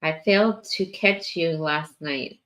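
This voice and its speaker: Her voice sitting low and a bit bright, a tired woman hosts a morning livestream and chats casually with viewers. She's chatty and slow to get anywhere, with lots of fillers and yawning.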